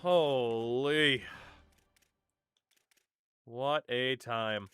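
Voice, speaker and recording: Bright-voiced laid-back male streamer. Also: mid-range voice, drawn-out words, clean tone, no echo, faint music behind. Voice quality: laughs often, loose and joking. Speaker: gaming streamer. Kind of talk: casual live-stream commentary.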